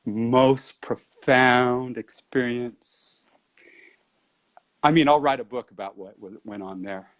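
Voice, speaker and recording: Man telling a story with lively momentum. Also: on the low side, fast talker. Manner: animated storyteller who varies his pace, often with "and I go". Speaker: Qigong and Tai Chi teacher. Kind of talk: storytelling in an interview.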